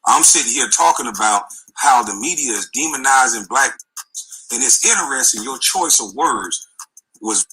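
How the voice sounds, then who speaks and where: A man's voice: mid-range voice, lively intonation, normal speed, pushed and bright, husky, poor audio. A man delivering a heated, confrontational and profane rant, with scornful laughs. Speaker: guest.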